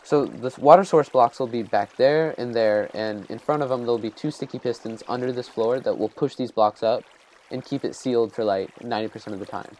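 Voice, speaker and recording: A man's voice: medium pitch, brisk, a little mellow, slight background noise. Rambling, self-deprecating male game commentator. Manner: rambling, self-deprecating, thinks aloud while building. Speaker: gameplay commentator. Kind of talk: casual let's-play commentary.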